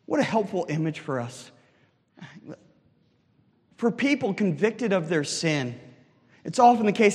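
High-voiced man preaching in a reverberant hall. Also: very animated, a little slow, long pauses, darkish tone. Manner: earnest preaching with rhetorical questions. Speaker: pastor. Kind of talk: sermon.

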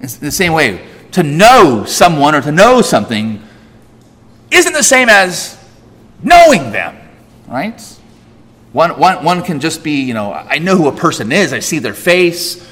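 A male pastor preaching with a fairly high voice that leaps and falls through a wide, lively range. He drives his points home with rhetorical questions and sudden bursts of emphasis. His voice carries a long reverb from the large hall around him. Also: a little slow. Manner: emphatic, rhetorical questions, big swings in pitch and loudness. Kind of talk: sermon. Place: church sanctuary.

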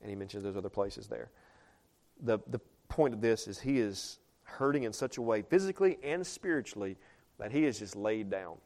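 In a low, darkish voice with lively intonation and a moderate pace, a pastor preaches conversationally. He questions the congregation and reads scripture in older English.

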